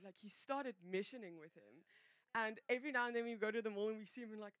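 A woman's voice: a little high, fast talker, fairly bright tone, no echo. A woman giving a personal testimony to a congregation, rambling and breaking off her sentences with many fillers. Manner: rambling, self-interrupting storyteller, many fillers. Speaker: church member giving a testimony.

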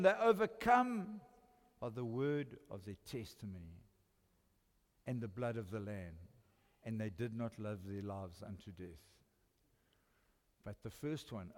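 Older South African pastor, reverberant hall. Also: male voice, fairly low pitch, unhurried, pauses often. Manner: swings between loud emphatic lines and quiet intimate ones. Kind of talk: sermon. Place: church hall. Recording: long church reverb.

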